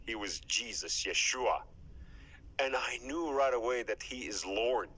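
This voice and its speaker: A man giving an emotional faith testimony as an interview guest, fervent, with his voice climbing high at its peaks and dropping to a whisper at times. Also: bright, forceful tone, poor audio. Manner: drops to a breathy whisper at times.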